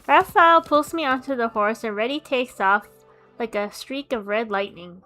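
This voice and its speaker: Woman streamer, bright forceful voice, fairly high, reads game narration with quick asides. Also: soft background music. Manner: expressive, quick reactive asides. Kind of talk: reading story narration with casual asides.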